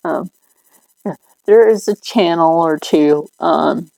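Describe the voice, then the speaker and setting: A woman's voice: low voice, takes it slowly, creaky, mellow, no echo, low-quality recording. A middle-aged woman hosting a livestream, rambling along in casual chat and laughing often. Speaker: livestream host.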